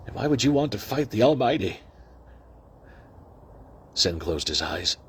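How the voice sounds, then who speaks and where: A man casually reading a novel aloud, who breaks off into excited asides. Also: fairly low pitch, unhurried, breathy edge. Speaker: reader.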